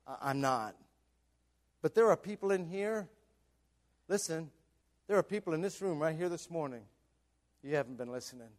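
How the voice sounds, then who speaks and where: A middle-aged man preaching a sermon in a church, swinging from loud bursts to near whispers. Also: fairly high pitch, expressive, normal speed, pauses often. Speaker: pastor. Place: church sanctuary.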